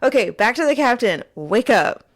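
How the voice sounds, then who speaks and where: Animated woman rambling about a fan favorite. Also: a little high, normal speed. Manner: playful and animated, addressing the listener directly. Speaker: host. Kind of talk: casual fan commentary monologue. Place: small closet indoors.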